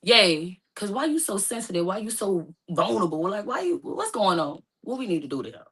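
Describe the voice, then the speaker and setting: A woman's voice: mid-range voice, sing-song, normal speed, fairly bright tone, husky. A young woman in an emotional personal storytelling talk, acting out both sides of her phone calls. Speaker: guest telling her story.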